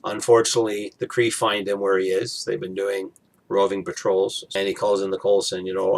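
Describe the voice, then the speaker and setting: A man's voice: low-pitched, level tone, fairly quick. A man recapping a TV episode in a casual, rambling way, full of fillers. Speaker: TV episode reviewer.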